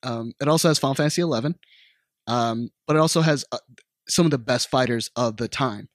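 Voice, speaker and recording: A man co-hosts a podcast in laid-back, casual chat, laughing often and swearing freely. His medium-pitched voice moves a little fast, and the recording is dry with clean studio sound.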